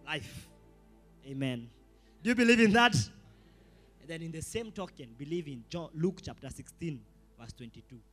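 A Kenyan pastor preaching a sermon with animated delivery, switching between English and Swahili slang and rising to shouts. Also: fairly high pitch, brisk, soft background music.

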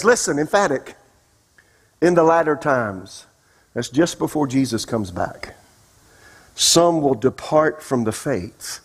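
A man's voice: mid-range voice, very animated, takes it slowly, slightly rough. A man preaching a sermon as pastor, emphatic and asking the congregation questions. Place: church sanctuary.

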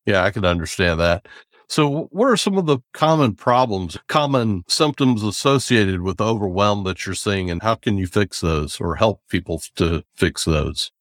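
A man's voice: fairly low pitch, lively intonation, moderate pace, no echo, studio quality. A man hosting a podcast interview, easygoing and asking short questions. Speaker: podcast host.

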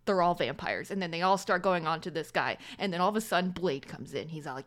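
A woman's voice: lowish voice, quick pace, hardly any pauses, a bit bright. Woman rambling through a casual movie recap. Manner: rambling, profane, quotes characters in her own voice. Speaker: podcast co-host.

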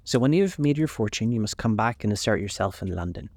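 A man's voice: fairly low pitch, lively intonation, fast, a little mellow. A man doing a fussy, theatrical older mother. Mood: sorrowful. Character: faded older actress mother, affected and self-pitying.

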